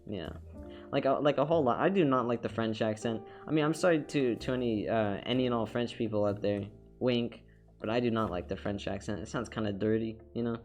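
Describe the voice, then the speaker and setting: A man speaks fast in a fairly low, dark voice as he chats casually during a drawing live stream. The talk is upbeat and rambling, full of fillers and restarts, and faint music can be heard behind him.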